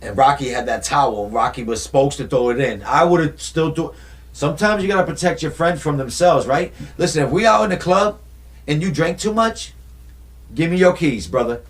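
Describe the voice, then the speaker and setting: A young man vlogging in a casual, animated way, retelling movie scenes and acting out lines as he goes. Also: fairly high pitch, normal speed. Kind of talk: casual movie-talk vlog.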